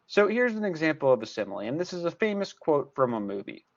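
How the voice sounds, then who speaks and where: In this recorded class lesson, a male math tutor with a fairly high, widely swinging voice talks fast, walking through the material step by step and stressing key points by repeating them. The audio is lo-fi.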